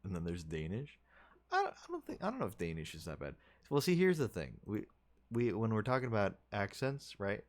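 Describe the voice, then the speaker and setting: A man with a very low, deep voice chats casually with his stream audience. He rambles and thinks out loud, full of fillers, restarts and trailing asides. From United States. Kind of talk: casual chat with viewers.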